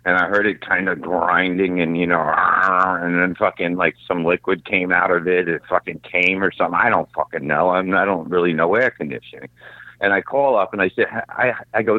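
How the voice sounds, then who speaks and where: Deep-voiced man ranting over a phone line. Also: moderate pace, no echo. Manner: profane, ranting, animated storyteller. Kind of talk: casual chat. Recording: tinny phone-like line, dry.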